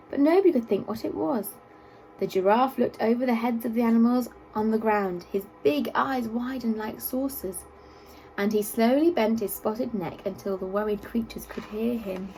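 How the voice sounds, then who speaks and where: A woman reading a children's story aloud in an expressive, sing-song way. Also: fairly high pitch, vocal fry, poor audio.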